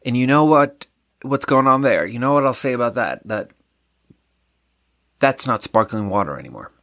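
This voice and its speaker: A podcast host chats on his own while tasting a drink, rambling and mocking himself offhandedly. His medium-pitched voice is expressive and a bit bright, at a moderate pace, in a studio-quality recording with no echo.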